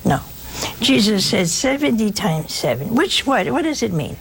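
A woman's voice: mid-range voice, big pitch swings, normal speed, creaky, slight background noise, rough recording. A woman preaching a sermon in a folksy, humorous way, acting out the scripture stories as she goes.

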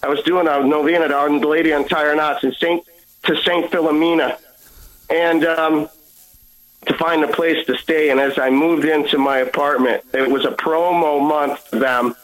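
A man's voice: a little high, steady tone, normal speed, a bit bright, rough recording. A man giving an earnest personal testimony as a guest, acting out the dialogue as he tells it.

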